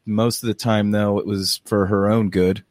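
A man co-hosting a podcast, chatting casually and telling stories in a rambling, animated way with plenty of restarts. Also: lowish voice, normal speed, no room sound, clean studio sound. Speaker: podcast co-host. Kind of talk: casual chat.

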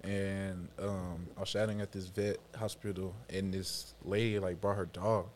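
Brief: easygoing college athlete guest, lowish voice, halting anecdote. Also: male voice, little pitch movement, a little mellow, slight background noise. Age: young adult. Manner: storytelling, hesitant. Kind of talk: casual chat.

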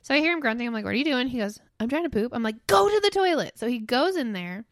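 A woman, co-hosting a podcast in casual chat, animated and giggly as she tells stories. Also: fairly high pitch, fast, no echo, clean studio sound. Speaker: podcast co-host.

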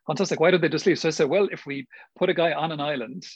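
A man from Ireland with a Cork accent, a film director talking in a relaxed way in an interview while calling in remotely. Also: on the high side, fast talker, slightly rough, no echo. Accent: Cork Irish. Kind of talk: casual interview.

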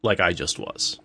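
A young adult man co-hosting a casual book discussion, telling an animated story and swearing casually. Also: medium pitch. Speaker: podcast co-host.

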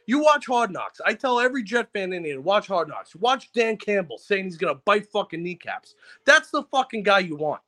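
High, bright-voiced ranting New man. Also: sing-song. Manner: angry, profane, rapid-fire ranting. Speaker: caller on a sports talk show. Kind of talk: ranting casual chat.

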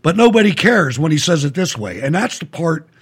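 A man's voice: a little high, big pitch swings, brisk, fairly bright tone, husky. A man hosting casual political commentary, making scornful, sarcastic remarks over played clips. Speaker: commentator host.

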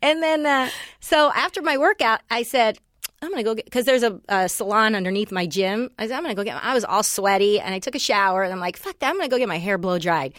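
A woman's voice: mid-range voice, quick pace, a bit bright, no echo, studio quality. A woman in her thirties co-hosting a podcast, chatting casually and swearing freely as she tells stories. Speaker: podcast co-host. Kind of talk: casual chat.

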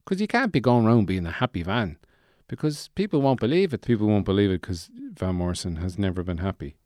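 A man's voice: fairly low pitch, sing-song, a little fast, a little mellow, no echo, clean studio sound. A man voicing a deluded, gloomy man who lives in a shed, rambling in a meandering, self-pitying yet chirpy way.

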